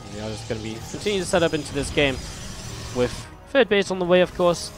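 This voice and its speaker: Over music, a male esports caster delivers fast live play-by-play, chatting and rambling straight to viewers. His high-leaning voice swings broadly in pitch and sounds slightly strained.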